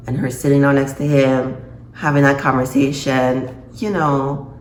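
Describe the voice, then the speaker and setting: Woman chatting thru a tv recap, super expressive, roomy echo. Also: rumbling low, unhurried. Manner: expressive, reacts with laughs and gasps. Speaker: TV episode reviewer. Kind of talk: casual recap vlog. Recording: echoey room, faint noise.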